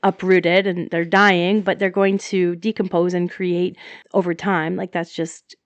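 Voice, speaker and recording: Low gravelly lady cohost, rambling chatty garden talk with lots of ums, dry close sound. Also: flat delivery, a little slow, dry recording, lo-fi sound. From Southwestern Quebec. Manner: explains with many fillers and restarts. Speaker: co-host, gardener. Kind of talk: casual podcast chat.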